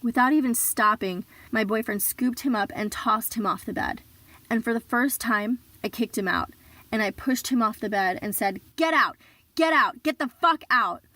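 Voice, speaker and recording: A woman reading a survivor's memoir aloud in an earnest, measured storytelling voice. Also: on the high side, fairly even intonation, fairly bright tone, no room sound. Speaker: reader of survivor stories.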